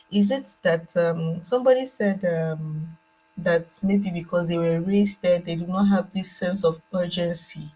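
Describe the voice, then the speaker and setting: A Nigerian woman with a husky, lowish voice speaks earnestly over a laptop video call. She circles back and repeats phrases as she thinks. A steady fan hum sits under her voice. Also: low-quality recording. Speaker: guest joining by video call. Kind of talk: call-in discussion. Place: home at night, laptop fan running.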